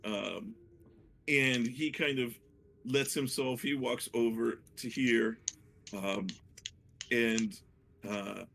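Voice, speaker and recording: A man narrating a tabletop game as dungeon master, hesitant and full of fillers, with a gravelly voice. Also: medium pitch, fairly even intonation, very slow, pauses often, a bit bright. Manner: hesitant, many fillers and restarts.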